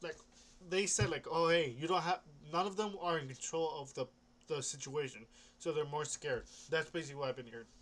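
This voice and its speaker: A man's voice: on the high side, a little fast, a bit bright. A young man rambling casually about comics, hesitant, restarting often and swearing offhandedly. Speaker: comic book vlogger.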